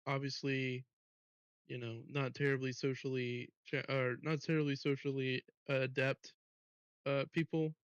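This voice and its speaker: A man's voice: medium pitch, level tone, measured pace, clear, resonant tone, no room sound, lo-fi sound. A young man co-hosting a podcast in casual chat, rambling with lots of "like" and "you know". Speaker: podcast co-host.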